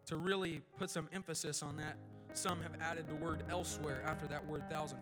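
A man preaching a sermon from a church pulpit as a guest speaker, his throat sore, moving between a steady teaching voice and loud, fervent prayer. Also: sits high, fairly quick, music in the background.

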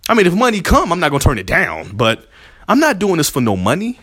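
A man's voice: on the high side, wildly swooping pitch, fast talker, a bit bright, husky, no room sound, clean studio sound. A man hosting a religious podcast, talking in an emotional, preacherly way and repeating himself as he thanks his listeners. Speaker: podcast host. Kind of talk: heartfelt religious podcast talk.

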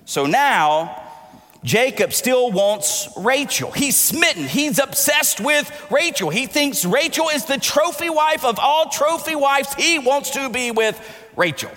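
A man in his forties preaching a sermon, telling animated, jokey stories and acting out the dialogue. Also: very high voice, takes it slowly. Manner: animated, jokey storyteller who acts out dialogue. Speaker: pastor. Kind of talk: sermon with personal storytelling. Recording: long hall reverb.

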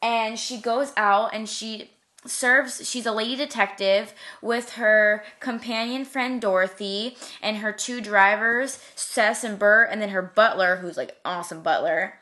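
A woman's voice: medium pitch, a little slow, sharp tone. A young woman in her twenties chatting casually as a co-host, gushing about things she loves in long rambling runs. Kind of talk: casual chat.

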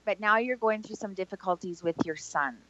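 A woman co-hosting a live call-in show as a medium, speaking gently and haltingly as she passes on messages. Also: mid-range voice, no echo, muffled recording. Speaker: psychic medium co-host.

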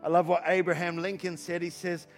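Pastor, man, 50s, high and gravelly, energetic, joking, repeats rhetorical questions. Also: fairly quick, faint music behind. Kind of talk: sermon. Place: church hall.

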